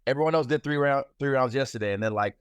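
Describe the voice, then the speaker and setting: A man in his thirties, the guest in an interview, talking in a relaxed, playful, slangy way with frequent restarts. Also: medium pitch, fast, clear, resonant tone, no echo, lo-fi sound. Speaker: guest fighter. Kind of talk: casual interview.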